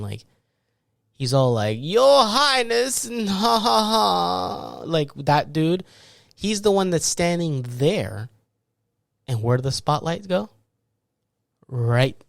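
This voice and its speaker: A male podcast host tells a rambling story and jumps into loud impressions of the people in it. His voice sits at an ordinary middle pitch. The recording is close and dry, with no room sound. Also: no echo. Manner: animated, acts out people with loud laughs and shouts. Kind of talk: casual storytelling monologue.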